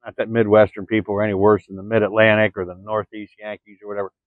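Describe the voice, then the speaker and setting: A man's voice: fairly low pitch, level tone, fast, no echo. Rambling man talking to viewers, lo-fi. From Florida. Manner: rambling, repeats words, addresses listeners as folks. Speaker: vlogger. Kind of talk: rambling monologue. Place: early morning, indoors or near the camera. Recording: dry, dull lo-fi sound.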